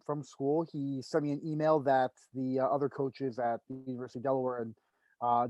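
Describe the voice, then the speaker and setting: A man's voice: fairly high pitch, dry recording, muffled recording. A young man in his twenties answering interview questions at length, rambling with fillers. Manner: rambling, many fillers and restarts. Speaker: wrestler guest.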